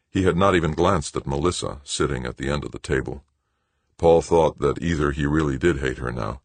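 Male audiobook narrator, deep and husky, dry close read. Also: no echo. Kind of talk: scripted narration.

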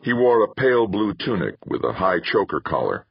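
A man narrating an audiobook in a measured, expressive way. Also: on the low side, vocal fry, lo-fi sound, slight background noise. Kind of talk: scripted narration.

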